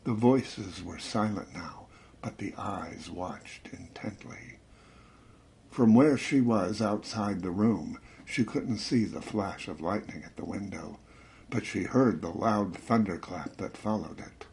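A man narrating a suspense story in a measured, dramatic reading that slows and drops to a hush at tense moments. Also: on the low side, a little hiss or hum. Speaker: audiobook narrator.

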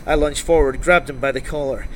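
A man's voice: mid-range voice, fairly even intonation, brisk, a bit bright, a little hiss or hum. Man narrating a gritty crime thriller. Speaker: audiobook narrator. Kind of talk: first-person crime novel narration.

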